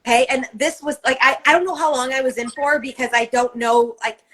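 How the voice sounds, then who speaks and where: A woman with a slightly high voice talks in relaxed podcast chat. She rambles through a personal story with heavy emphasis and frequent swearing. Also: brisk, low-quality recording. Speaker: co-host.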